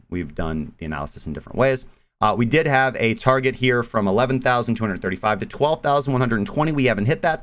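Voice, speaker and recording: A man's voice: fairly low pitch, fairly bright tone. A man hosting a live stream and explaining trading strategy, talking in a loose way that repeats words and restarts phrases. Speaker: trading analyst host. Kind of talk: live stream market analysis.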